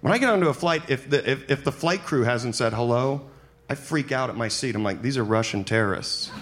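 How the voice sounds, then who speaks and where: A male stand-up comedian doing his set on stage in front of a live audience, talking in an animated way and swinging into loud, exaggerated voices. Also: medium pitch, a little fast. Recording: noisy live stage recording.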